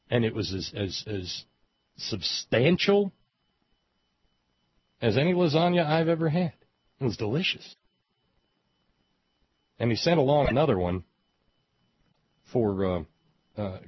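Sardonic male commentator from West Virginia, low and husky, meandering delivery; dry, muffled lo-fi recording. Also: no room sound. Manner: sardonic, meandering, with frequent hesitations. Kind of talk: rambling commentary monologue. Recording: dull lo-fi audio, dry.

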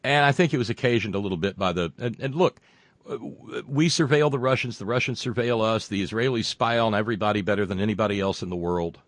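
A man giving unscripted commentary in a halting way, repeating words and switching between slow and rushed phrases. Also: lowish voice, no room sound.

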